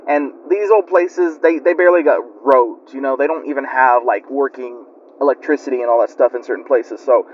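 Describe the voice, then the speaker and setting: A man's voice: mid-range voice, brisk, slight background noise. A man telling a spooky story in a rambling, chatty way with lots of fillers. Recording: lo-fi muffled recording.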